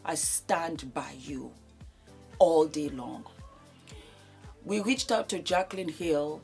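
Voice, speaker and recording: A woman's voice: on the low side, takes it slowly, faint music behind. A woman in her fifties giving an emotional speech, effusive and repeating her thanks over and over. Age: 50s. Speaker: beauty vlogger giving a thank-you speech.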